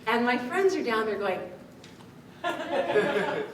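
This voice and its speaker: A woman speaking coach telling a lively story to a live audience, laughing often as she talks. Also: a little high, unhurried. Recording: distant mic in an echoey room with background noise.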